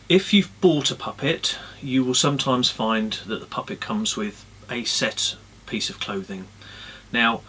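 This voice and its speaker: Relaxed man teaching puppetry. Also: medium pitch, slow pace, a little hiss or hum. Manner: relaxed, friendly, lots of ums. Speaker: puppeteer giving tips. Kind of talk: casual instructional talk. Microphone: camera-mounted mic.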